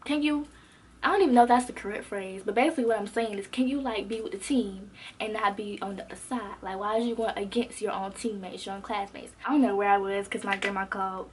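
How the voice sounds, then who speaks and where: A young adult woman vlogger telling a casual storytime, animated and slangy, acting out what others said. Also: medium pitch, fast talker, a little hiss or hum. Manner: animated, expressive, slangy, acts out quotes.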